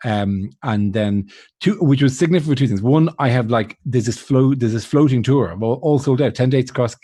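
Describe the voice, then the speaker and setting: A man's voice: mid-range voice, fairly quick, mellow, no echo. Rambling self-mocking man, dry sound. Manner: rambling, self-mocking storytelling with frequent laughs and restarts. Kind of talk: casual chat on a charity livestream.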